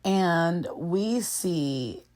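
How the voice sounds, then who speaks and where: A woman with a notably low voice gives a casual reality-show recap straight to her viewers. She talks in a loose, chatty way, full of asides and friendly calls of girl and y'all. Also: expressive, drawn-out words, a little mellow.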